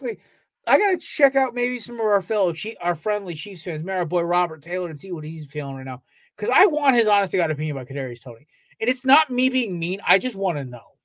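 A man's voice: high voice, a bit bright, dry recording. A man co-hosting a casual sports podcast, ranting with heavy profanity. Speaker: podcast co-host.

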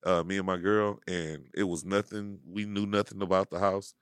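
A man's voice: low voice, level tone, normal speed, clean tone, no room sound, clean studio sound. A middle-aged man hosting a casual podcast chat, asking questions and cursing bluntly. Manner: blunt, curses, asks questions. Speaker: podcast host.

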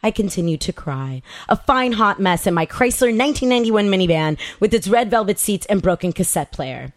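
A woman's voice: mid-range voice, expressive, a little fast, dry recording. A woman podcast host reading a personal story aloud, candid and profane, laughing at herself along the way.

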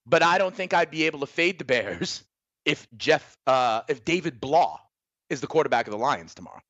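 A man's voice: fairly high pitch, big pitch swings, moderate pace, a bit bright, no room sound, muffled recording. A man co-hosting a sports betting show, chatting conversationally and often checking for agreement. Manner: conversational, asks for agreement with "right?". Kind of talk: casual sports betting talk.

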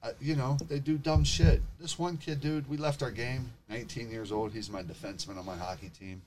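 A middle-aged man telling a story in casual chat, animated and emotional, swearing freely. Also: mid-range voice, fairly quick, background noise. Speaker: guest telling his story.

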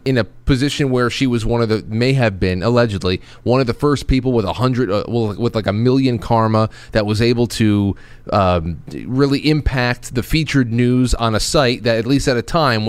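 Man, talk-show host, halting and questioning, smooth voice, dry sound. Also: mid-range voice, dry recording. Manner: halting, restarts often, questioning. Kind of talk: casual political talk show.

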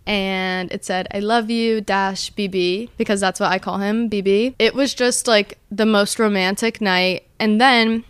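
A young woman in her early twenties tells stories to her viewers in a gushing, chatty way, leaning on "like" as she goes. Her voice is smooth and clean, with a dry sound and no room echo, and her pitch sits in a middling range. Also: steady tone, a little slow, hardly any pauses. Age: early 20s. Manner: bubbly, gushing, says like a lot. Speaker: host. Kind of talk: casual vlog storytelling.

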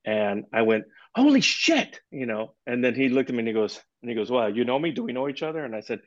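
A man's voice: medium pitch, quick pace, no echo. A man chats as a podcast guest, telling one story after another in a casual, swearing way, leaning on "you know". His voice sits in an ordinary middle range. The recording sounds dull and lo-fi, very dry. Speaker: guest percussionist.

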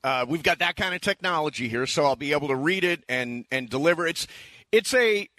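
A man's voice: fairly high pitch, a little fast, no echo. A man co-hosting a radio show, bantering playfully. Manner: animated, jokey. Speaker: radio co-host.

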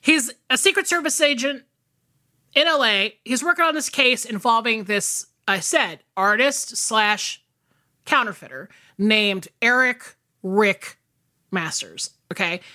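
Woman podcast co-host, bright lively delivery, loose rambling chat with fillers. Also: a little high, measured pace. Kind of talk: casual movie podcast chat.

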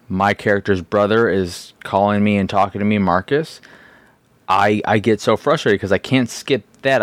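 Male podcast host, lowish pitch, dry mic, self-mocking rambler. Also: clean tone, no echo. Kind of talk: casual solo podcast talk.

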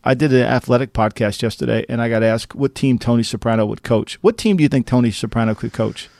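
Guy on a sports podcast, mid pitch, super dry close sound, keeps asking are you kidding me type stuff. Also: fast, creaky, dry recording. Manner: animated, rhetorical, laughing asides. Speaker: podcast co-host. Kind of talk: casual sports talk.

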